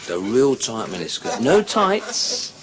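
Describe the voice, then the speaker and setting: Crude swearing comic, lively ups and downs, audience roaring in the background. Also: male voice, medium pitch, takes it slowly. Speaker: stand-up comedian. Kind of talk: live stand-up joke telling. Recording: live show with loud audience. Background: loud crowd laughing.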